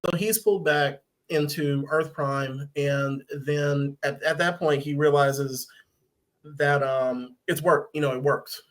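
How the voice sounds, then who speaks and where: A man's voice: fairly high pitch, fairly even intonation, takes it slowly. A man hosting a podcast, casually recapping a TV episode, rambling and acting out lines. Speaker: podcast host. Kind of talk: casual review chat.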